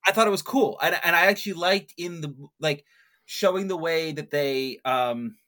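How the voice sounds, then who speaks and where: A man on a casual movie podcast, speaking hesitantly with many pauses and ums. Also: on the high side, bright, forceful tone.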